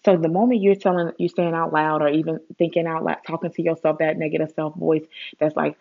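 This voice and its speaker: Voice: medium pitch, flat delivery, fairly quick, creaky, highs cut off. A vlogger giving a blunt, rambling motivational talk, swearing for emphasis and mocking complainers in a whiny voice. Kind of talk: casual motivational monologue.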